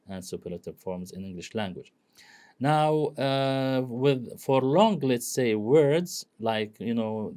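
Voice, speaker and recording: Low, mellow-voiced male English lecturer. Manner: explains slowly with many fillers like "you know" and "okay?". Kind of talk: recorded classroom lecture.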